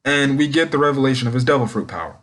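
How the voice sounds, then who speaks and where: A man's voice: mid-range voice, lively intonation, very fast, fairly bright tone. Rambling young man recapping an anime episode. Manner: rambling, many ums and restarts. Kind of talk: casual episode recap and review.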